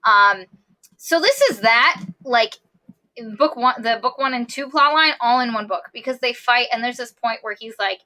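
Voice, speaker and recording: A woman's voice: high-pitched, a little fast, pushed and bright. A woman co-hosting a book review podcast, chatting casually and acting out the characters' lines as she retells the story. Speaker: podcast co-host.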